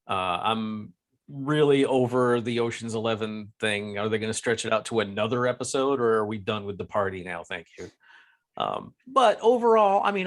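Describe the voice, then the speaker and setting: An American man co-hosting a podcast, rambling through casual chat with lots of fillers and restarts. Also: lowish voice. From United States. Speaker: podcast co-host.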